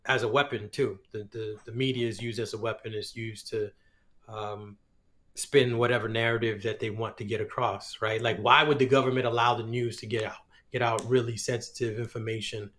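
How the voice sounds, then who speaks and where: A man talks in an easygoing podcast conversation, his voice bright and a little forceful. He drifts into soft chuckles and lets thoughts trail off, never rushing. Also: on the low side, fairly even intonation. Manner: laid-back, chuckles often, trails off. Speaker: podcast co-host. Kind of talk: casual podcast chat.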